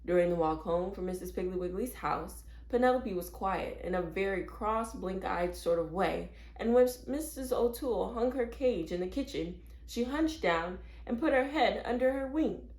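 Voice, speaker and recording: A woman reading a children's chapter book aloud as a storyteller, clear and steady. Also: medium pitch. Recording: roomy echo.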